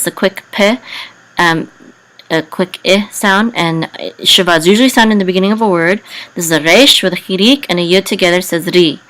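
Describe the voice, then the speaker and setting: Woman, Hebrew lesson, very slow and deliberate, lowish voice, pauses and fillers. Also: fairly bright tone, low-quality recording. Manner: deliberate, spells out letters and vowels with many pauses and fillers. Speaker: Hebrew teacher.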